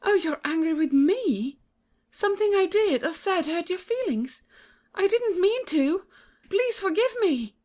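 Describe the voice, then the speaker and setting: A woman voicing a gentle, trusting young princess in a dramatized audiobook, innocent and pleading. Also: extremely high pitch, lively intonation, a little slow.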